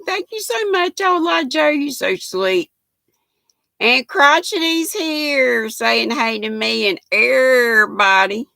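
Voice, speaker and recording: A woman's voice: fairly high pitch, gravelly, bright, forceful tone, dry recording. An older woman, chatting folksily with viewers and reading their comments on a knitting livestream, laughing often. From United States.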